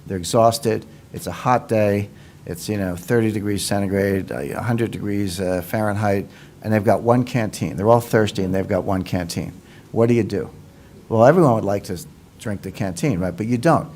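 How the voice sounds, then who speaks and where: A man's voice: fairly low pitch, normal speed, a little mellow, a little hiss or hum. Confident man explaining economics. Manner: confident, emphatic, uses analogies and repeats points. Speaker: economics commentator. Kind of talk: explanatory talk.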